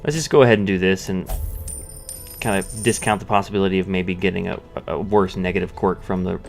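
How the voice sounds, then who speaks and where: A man's voice: sits low, steady tone, fairly quick, gravelly, faint music behind. Man thinking aloud over gameplay. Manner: thinking aloud, many restarts and fillers. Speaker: gameplay commentator. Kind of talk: casual let's-play commentary.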